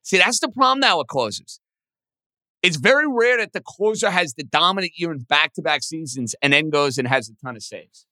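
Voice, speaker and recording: A sports radio host with a bright, forceful voice whose pitch swings freely as he thinks aloud through trivia questions. He talks casually and pokes fun at himself. The sound is close and dry, with no room around it. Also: a little fast, no echo. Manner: animated, thinks out loud, self-deprecating.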